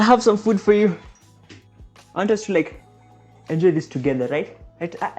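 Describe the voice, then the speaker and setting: A woman hosting a playful cooking vlog, goofy and exaggerated, with sudden loud outbursts. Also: lowish voice, animated, normal speed, long pauses, music in the background. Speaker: cooking vlogger.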